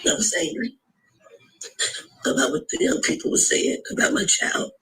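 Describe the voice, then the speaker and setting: A grieving middle-aged woman, tearful and halting, pleading in an emotional video appeal. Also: fairly bright tone, rough recording. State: tearful, voice breaking. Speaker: grieving mother.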